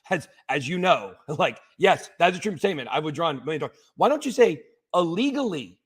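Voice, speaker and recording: Husky man pleading emotionally with viewers. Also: a little high, very animated, fairly quick. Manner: emotional, insistent, repeats himself. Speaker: streamer. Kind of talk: livestream talk to viewers.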